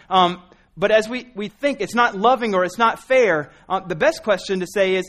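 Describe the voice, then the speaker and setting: A man with a fairly high voice teaches scripture in a relaxed sermon. He is earnest, talks in a rambling way and often stops and restarts his sentences. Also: moderate pace. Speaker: Bible teacher.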